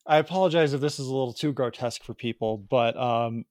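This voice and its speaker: A man's voice: mid-range voice, quick pace, a little mellow, no echo, studio quality. A man with a Chicago accent hosting a podcast, rambling through stories and laughing at himself. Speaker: podcast host. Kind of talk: casual chat.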